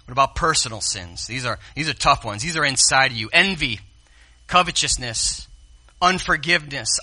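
A man preaching a sermon as pastor, speaking straight to the congregation and swinging from hushed asides to loud exclamations. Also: medium pitch. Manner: addresses the congregation directly.

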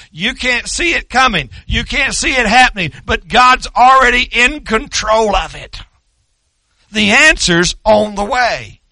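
Older man from Oklahoma, preacher. High, raspy, piercing tone, dry close sound. Folksy storyteller who works up to shouting. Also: dry recording. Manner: rambling folksy asides, building to loud shouting. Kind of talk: sermon.

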